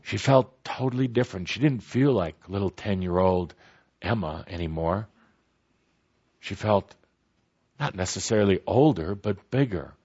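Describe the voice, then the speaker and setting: A man telling a story aloud in a slow, gentle way with pauses. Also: lowish voice, animated, husky. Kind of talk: spoken storytelling. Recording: dull lo-fi recording.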